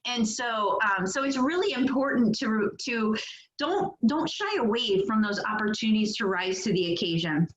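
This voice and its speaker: On an upbeat motivational call, a woman directs her sales team, chatty, laughing often and leaning on fillers. Her voice is on the high side, animated and moderately paced, and the call audio is echoey, dull and lo-fi.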